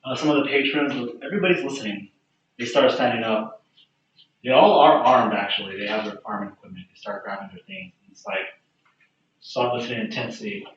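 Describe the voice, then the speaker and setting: A man's voice: mid-range voice, brisk, a bit bright, a little hiss or hum. Male game master, casual narration, very echoey room, distant, dull sound.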